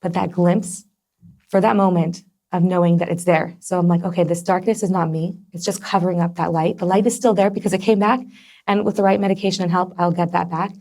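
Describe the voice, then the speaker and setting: A woman's voice: fairly low pitch, steady tone, a little fast, a little mellow. A young adult woman as a podcast guest, talking in an earnest, heartfelt way with many fillers. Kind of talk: personal conversation.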